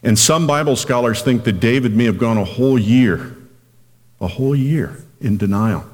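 A man preaching a radio sermon as pastor, earnest and direct, slowing down and lifting his voice when he reads scripture. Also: mid-range voice, long reverb tail. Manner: earnest, slows down and lifts his voice reading scripture.

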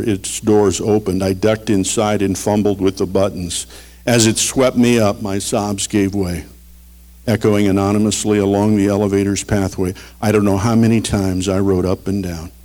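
A middle-aged man preaching a sermon, earnest and storytelling, swinging between loud emphasis and quiet. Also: lowish voice. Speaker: pastor. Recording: long reverb of a large hall.

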